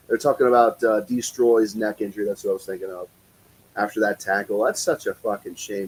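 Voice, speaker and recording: A man's voice: fairly low pitch, a little mellow, low-quality recording. A man from the Cincinnati area doing casual, profane play-by-play commentary on a live stream, chatting with viewers in between.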